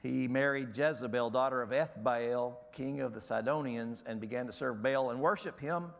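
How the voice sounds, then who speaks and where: A man preaching a sermon as pastor in a church, emphatic and rising sharply on key words, his voice going hoarse. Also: mid-range voice, moderate pace, highs cut off. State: losing his voice.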